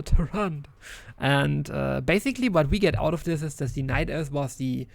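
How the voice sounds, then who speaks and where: Man recapping a game story haltingly. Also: a little high. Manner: halting, many restarts and fillers; loosely paraphrases characters' lines. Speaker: gaming video host.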